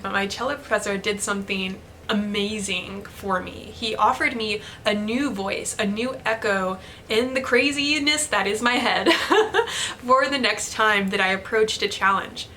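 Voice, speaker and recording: A woman's voice: medium pitch, pushed and bright, a little hiss or hum. A young woman sharing candid stories and advice with viewers in a chatty, laughing way. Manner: chatty, storytelling, with light laughs. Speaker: artist vlogger. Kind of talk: candid motivational talk to camera.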